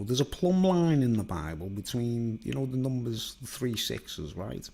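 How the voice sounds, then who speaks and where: A man's voice: medium pitch, lively intonation, slow, vocal fry, warm tone, breathy edge. A man delivering a digressive, conspiratorial solo monologue, constantly seeking agreement. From England. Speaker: vlogger.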